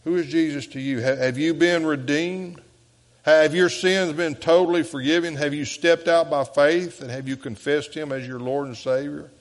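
A man's voice: on the high side, fairly even intonation, moderate pace. Preaching Southern man in a reverberant sanctuary. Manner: earnest preaching, swinging from loud appeals to hushed quotes. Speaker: pastor. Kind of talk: sermon. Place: church sanctuary.

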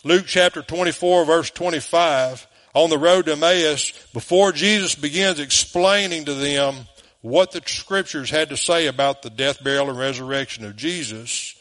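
A man's voice: a little high, moderate pace, fairly bright tone. A man with a Southern US accent, preaching a sermon as pastor, emphatic and full of rhetorical questions, in a church.

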